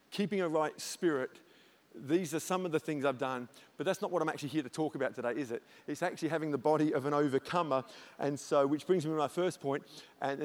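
High-voiced middle-aged aussie pastor preaching, jokey animated storyteller, gets loud on the punchlines. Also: male voice. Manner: animated storyteller, jokes, loud comic peaks. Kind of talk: sermon.

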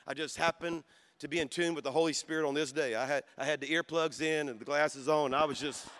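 A man preaching a sermon at a conference, telling a story in a soft voice and then building to shouted calls for praise. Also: fairly high pitch, steady tone, fairly quick. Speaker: pastor. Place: conference hall.

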